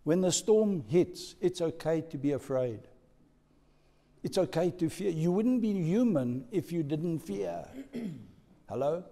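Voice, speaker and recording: Slow, lively preacher. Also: male voice, on the high side, gravelly. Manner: emphatic preaching, swinging from hushed to loud. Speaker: pastor. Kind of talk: sermon. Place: church hall. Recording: echoey church hall.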